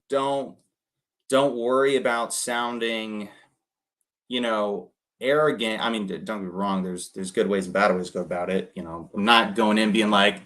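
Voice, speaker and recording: A young man coaching cold callers in loose, casual talk. He rambles through plenty of fillers and acts out little snippets of conversation. His voice sits at an ordinary middle pitch. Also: a bit bright. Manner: rambling, heavy on fillers and quoted dialogue.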